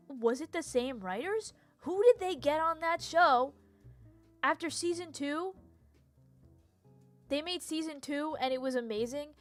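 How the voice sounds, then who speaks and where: Young woman, streamer, animated casual rant, slightly high voice, faint music behind. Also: no echo. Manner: animated, ranting with laughs and restarts.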